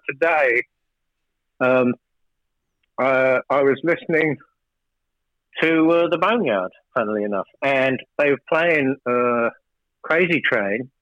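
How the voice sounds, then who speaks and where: A man's voice: fairly high pitch, fairly bright tone, no echo, highs cut off. A man working as a record producer, telling studio stories in a rambling, casual way and often restarting his sentences. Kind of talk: casual storytelling interview.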